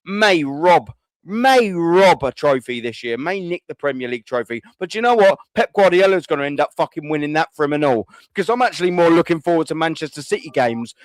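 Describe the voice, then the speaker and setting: A man's voice: on the high side, no echo. A man, hosting a fan call-in show and ranting furiously, swearing and repeating himself. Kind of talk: angry fan rant.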